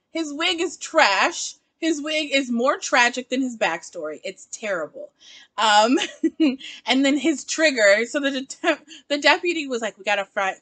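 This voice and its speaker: Lively, laughing woman reviewing a show. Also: sits high. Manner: animated, laughing, exasperated asides. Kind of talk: casual vlog review.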